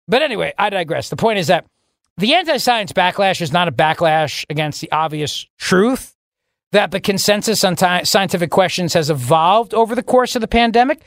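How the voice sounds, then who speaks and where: A man hosts a political talk radio show and delivers a sarcastic, mocking monologue. He jumps to a much higher pitch to drive home his points. He sits at a studio microphone, and the sound is completely dry, with no room echo. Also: a bit bright. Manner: sarcastic, mocking, with sudden rises in pitch for emphasis.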